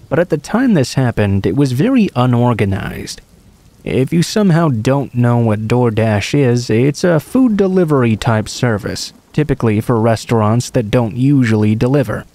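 A man reading true horror stories aloud in a calm, even storytelling manner. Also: medium pitch, moderate pace. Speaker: narrator. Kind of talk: scripted narration of horror stories.

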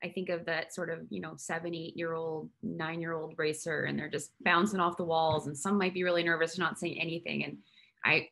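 A woman with a low, gravelly voice and a bright, forceful edge interviews a guest over a video call. Her phrasing is enthusiastic and loose, full of fillers. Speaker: host.

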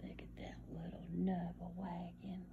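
A woman's voice: on the low side, completely flat delivery, a little slow, creaky, narrow, tinny audio. A woman chatting playfully to her pet dog at home, teasing and often half-whispering. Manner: teasing, sing-song talk to a dog, often hushed. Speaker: dog owner. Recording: noisy home video.

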